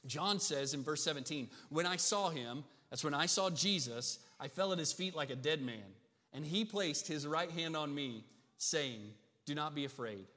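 A man's voice: on the high side, normal speed, pushed and bright. A male pastor preaching a sermon to his congregation, emphatic and often checking in with "right?". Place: church sanctuary. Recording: long church reverb.

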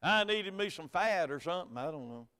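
Southern preacher with a high, ringing voice. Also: male voice, lively intonation, a little fast, clear, resonant tone. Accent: Southern American. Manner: folksy storytelling, swings from quiet to loud emphatic preaching. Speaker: pastor. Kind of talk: sermon. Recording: hall reverb.

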